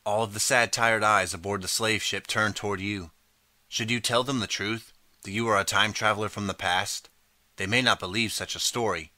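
A man reading a choose-your-path storybook aloud in the second person, steady and clear. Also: lowish voice, moderate pace, no room sound. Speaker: audiobook narrator.

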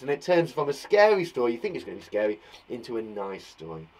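Bubbly english guy teaching little kids, highish voice, bounces all over the place. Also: fast talker. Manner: bubbly and animated, reading out kids' work. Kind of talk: lively children's lesson.

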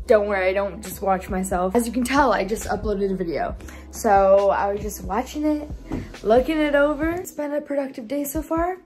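A woman's voice: medium pitch, darkish tone. A young woman chatting casually in a vlog, bubbly and full of fillers like "like" and "um". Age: young adult. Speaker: vlogger.

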